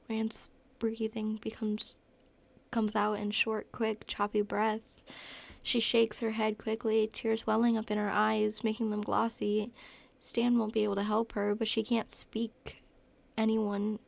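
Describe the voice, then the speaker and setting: A woman's voice: a little high, measured pace, gravelly. A woman narrating a fan fiction story aloud, often correcting herself mid-sentence. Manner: even storytelling with frequent self-corrections.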